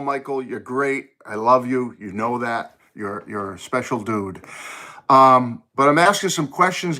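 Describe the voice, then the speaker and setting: A middle-aged man with a bright, forward voice chats casually on a phone live stream from his music room. He rambles good-naturedly, greets viewers one by one and wonders aloud about his setup. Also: mid-range voice.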